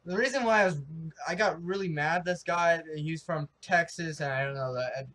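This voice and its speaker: A young man from the United States with a high voice talks in a casual vlog. He rambles and gets excitable, restarting his sentences and piling on fillers. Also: moderate pace. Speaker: vlogger.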